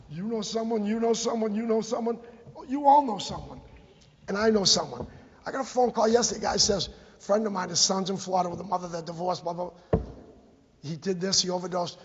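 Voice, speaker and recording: A middle-aged man speaks at a town meeting, hammering his points over and over in an impassioned appeal. His voice sits high for a man and sounds husky. The recording is dull and muffled, with a long echo from the hall. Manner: emphatic, repetitive, exhorting. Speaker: bereaved parent giving public comment. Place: town committee meeting room. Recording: dull, echoey public-access meeting recording.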